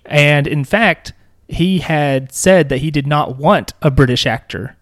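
Relaxed conversational voice, dry sound. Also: mid-range voice, a little slow, no room sound. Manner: relaxed, conversational, asks questions. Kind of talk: casual chat.

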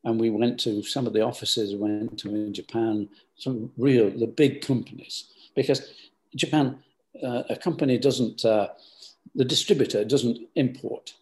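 A man's voice: medium pitch, steady tone, moderate pace, darkish tone. An older man, a business founder, giving rambling, hesitant interview answers full of restarts.

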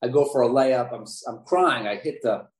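A man in his forties from Baltimore, telling stories from his youth as a podcast guest, lively and prone to repeating words. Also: mid-range voice, moderate pace. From Baltimore, USA. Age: 40s. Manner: animated storyteller, repeats words. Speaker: podcast guest, former basketball player. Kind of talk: interview storytelling. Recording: roomy echo.

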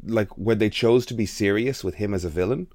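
A man with a very deep voice chats about films on a podcast. He is relaxed and rambling, with lots of fillers between his points. The recording is dry and close. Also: brisk, no echo. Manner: relaxed, chatty, uses many fillers. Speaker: podcast co-host. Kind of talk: casual film chat.

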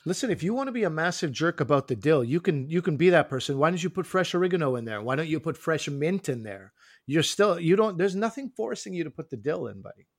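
A man with a slightly high voice, chatting casually as a podcast co-host. He rambles through animated stories and teases his friend. The sound is dry and close. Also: fast, no echo. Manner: rambling, teasing, animated storytelling. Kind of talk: casual chat.

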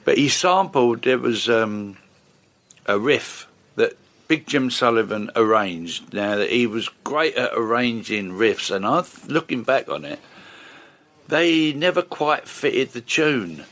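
Bright-voiced older man reminiscing. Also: mid-range voice, slow. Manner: chatty, rambling, lots of fillers and restarts. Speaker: session bass player guest. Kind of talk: casual storytelling interview.

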